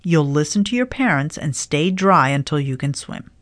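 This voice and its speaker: A woman voicing a kindly, good-natured old man in a storybook reading, easygoing and warm, slipping in Spanish words. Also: low-pitched, lively intonation, moderate pace, no room sound. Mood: cheerful.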